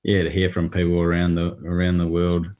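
A man with a mixed Australian and New Zealand accent, chatting on a podcast as a guest and pausing often with hesitations. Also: low voice, completely flat delivery, smooth, lo-fi sound. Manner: hesitant, many ums and restarts. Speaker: golf rules podcast guest. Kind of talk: casual podcast chat. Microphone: remote call.

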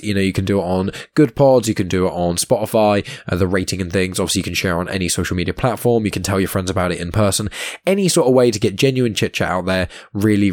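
A podcast host with a croaky, hoarse voice, chatting casually through his outro and plugs with frequent fillers. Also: fairly low pitch, no echo, clean studio sound.

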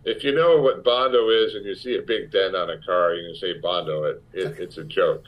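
A man telling an animated, profane story as an interview guest, acting out the lines of other people. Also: sits low, a little fast. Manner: animated, profane anecdote-telling with acted-out quotes. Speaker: actor guest. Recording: dull lo-fi sound.

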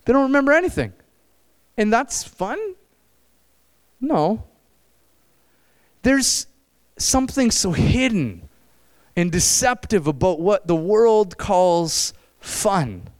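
A middle-aged man preaching at a camp meeting, animated, shifting between loud exclamations and low, intense stretches. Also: takes it slowly, long pauses. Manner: acts out quoted voices. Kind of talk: sermon.

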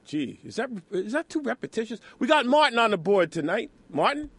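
Animated high-voiced male radio host. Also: a little fast, background noise. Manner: animated, rhetorical, conversational. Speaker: radio talk show host. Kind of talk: political radio commentary. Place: radio studio.

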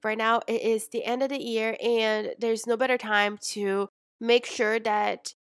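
A young adult woman coaching in a chatty, animated way, calling her listener mama and sis. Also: a little high, measured pace, dry recording, studio quality. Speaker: business coach. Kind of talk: casual coaching talk.

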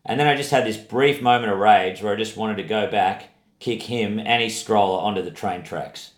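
A man's voice: on the low side, normal speed, reverberant. A man, co-hosting a podcast in casual chat and telling rambling stories full of fillers. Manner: laid-back, rambling storyteller with frequent fillers. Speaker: podcast co-host, touring comedian.

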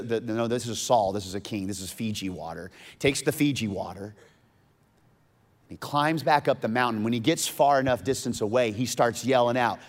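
A man's voice: mid-range voice, big-room sound. Man preaching in a casual storytelling way. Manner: casual, animated storytelling with modern asides. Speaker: pastor. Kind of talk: sermon retelling a story.

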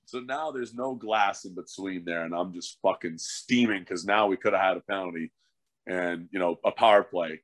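A man's voice: deep voice, moderate pace, dry recording. A middle-aged man, a former hockey fighter turned coach, telling stories in a casual, profane podcast chat. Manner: profane, animated storyteller.

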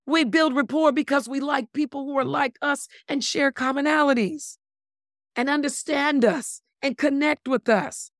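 A woman with a high voice speaks at normal speed as a body language expert in a casual interview. Animated and emphatic, she plays with words and refers to listeners as "my lovelies", captured in a dry, clean studio recording.

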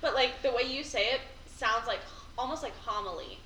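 A woman co-hosting a casual chat, animated and giggly, reading poems and quick to protest. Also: on the high side. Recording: echoey room, faint background hiss.

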